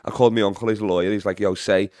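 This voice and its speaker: A man's voice: on the low side, steady tone, very fast, a little mellow, clear, resonant tone, dry recording, studio quality. A young man with a Liverpool accent, a guest comedian telling rambling, swear-heavy stories in casual podcast chat. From Liverpool, England. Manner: rambling, swears a lot, laughs at his own stories.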